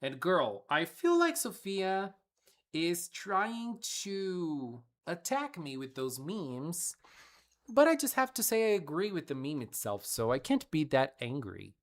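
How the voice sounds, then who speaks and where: This is a woman streamer walking through fan art in a casual showcase. Her voice sits low and moves slowly. It swings widely in pitch as she gushes and laughs along. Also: sing-song. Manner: gushing, playful, with frequent laughs.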